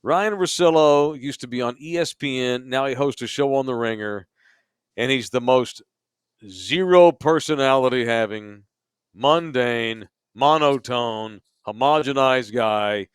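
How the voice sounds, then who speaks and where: A man's voice: medium pitch, measured pace, clear, resonant tone, no room sound. A man co-hosting a sports podcast from a bar studio, ranting emphatically with plenty of profanity. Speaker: podcast co-host. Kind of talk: casual sports podcast rant.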